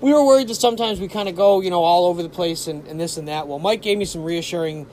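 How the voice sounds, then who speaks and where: A high-voiced man chatting on a podcast in a rambling way. He swears a lot and fills his talk with ums and uhs. Faint noise sits in the room. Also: fast talker, a little mellow. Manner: rambling, swearing, many fillers. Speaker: podcast co-host. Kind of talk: casual chat.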